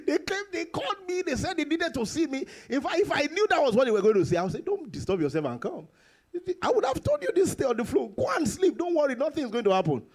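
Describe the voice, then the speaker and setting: A man preaching a sermon to his congregation, repeating phrases for emphasis and jumping into sudden high bursts and chuckles. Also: a little mellow. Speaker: pastor.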